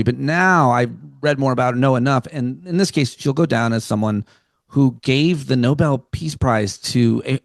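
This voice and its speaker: A man's voice: mid-range voice, normal speed, dry recording, clean studio sound. A male comedian joining a radio panel as a guest, talking earnestly and rambling through his points. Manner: rambling, earnest, restarts mid-thought. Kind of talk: casual panel chat.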